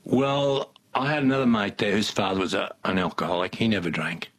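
Husky older Australian man. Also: on the low side, lively intonation, fairly quick, fairly bright tone. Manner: rambling, folksy, with many restarts. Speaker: interview guest. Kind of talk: casual storytelling.

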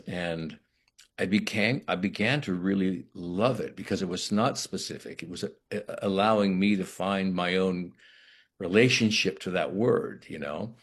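A middle-aged actor talking in an interview, thoughtful and halting, with many restarts. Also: male voice, low voice, breathy edge. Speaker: actor guest. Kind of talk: reflective interview talk.

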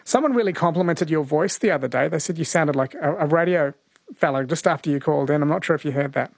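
A man's voice: on the high side, fast talker, gravelly, breathy edge, no echo. A man with an Australian accent hosting a late-night radio quiz, friendly and chatty as he reads out listener messages.

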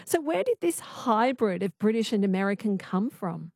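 A woman's voice: medium pitch, big pitch swings, normal speed, gravelly, a little mellow, no echo. A woman hosting a late-night radio talk show, chatting with listeners and guests in a studio. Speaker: radio host. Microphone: studio microphone.

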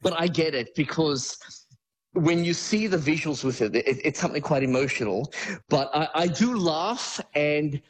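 A man's voice: fairly high pitch, normal speed, low-quality recording. A man discussing films on a radio show, enthusiastic and rambling with frequent restarts. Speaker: film commentator.

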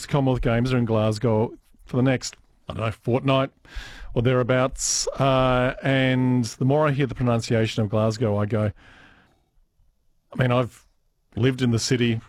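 A man's voice: medium pitch, darkish tone, dry recording. A man hosting a radio show, chatting casually and self-deprecatingly with a co-host. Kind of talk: casual on-air banter.

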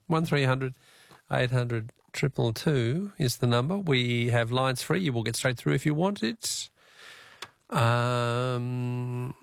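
An Australian man hosting a talkback radio quiz, chatty and quick to laugh, repeating his question to callers. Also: mid-range voice, no echo, clean studio sound. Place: radio studio. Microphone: studio mic.

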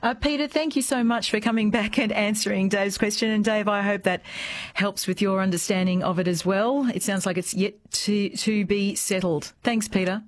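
A woman hosting a radio talk show, brisk and friendly as she steers the conversation. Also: mid-range voice, fairly even intonation. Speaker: radio host.

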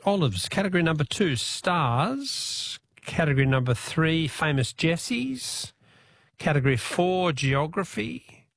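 A man's voice: fairly high pitch, a bit bright, dry recording. An Australian man hosting a late-night talk radio show in a studio, chatting casually and often correcting himself. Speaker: radio host.

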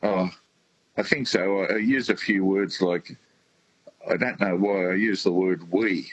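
A man calling into a radio show, talking casually and haltingly, with a New Zealand tinge to his accent. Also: low voice, breathy edge, no echo, poor audio. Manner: halting, hesitant. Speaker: caller. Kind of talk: casual phone chat.

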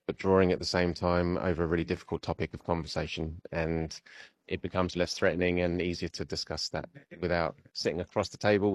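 A calm man explains his work in an interview. His voice is very deep and flat in tone, and the recording is dry and close. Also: no room sound. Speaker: occupational therapist. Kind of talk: interview answers.

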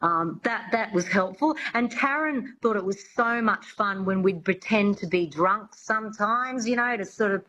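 A woman's voice: medium pitch, moderate pace, few pauses, bright, forceful tone, poor audio. A woman, a coach chatting on a radio show and explaining technique. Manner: demonstrates voices, explains technique. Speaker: accent and dialect coach. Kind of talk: radio chat.

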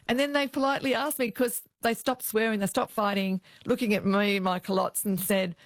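A woman's voice: on the high side, brisk, no echo. A middle-aged Australian woman, a former police officer, telling anecdotes in an interview and acting out the voices of the people in them. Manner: animated anecdotes, acts out quoted voices. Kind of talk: interview storytelling.

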